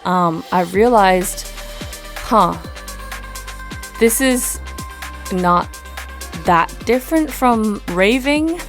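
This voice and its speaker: A woman's voice: mid-range voice, very slow, long pauses, faint music behind. A young woman who grew up in Japan, chatting casually as an interview guest and telling stories with lots of fillers. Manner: animated storytelling with fillers. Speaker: musician guest.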